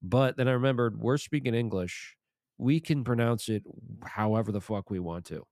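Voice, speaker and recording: A man's voice: mid-range voice, moderate pace, a little mellow, no echo, clean studio sound. A man appearing as a guest on a podcast, talking casually with many hesitations and fillers. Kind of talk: casual chat.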